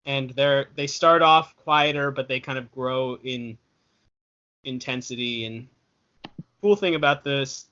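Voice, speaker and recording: Young male co-host, casual rambling chat, bright tone, dull lo-fi podcast sound. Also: mid-range voice, a little slow. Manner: rambling, self-correcting, chatty.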